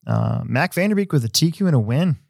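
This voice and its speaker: A man hosting a casual podcast, talking in a rambling, relaxed way with many fillers and restarts. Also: mid-range voice, a little fast, creaky, no echo, studio quality. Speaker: host; hobby shop owner.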